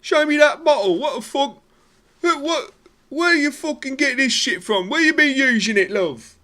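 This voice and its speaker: A man's voice: expressive, moderate pace, pushed and bright, heavily acted. A man voicing a furious, foul-mouthed girlfriend who grills her partner. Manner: shrill, swearing, interrogating.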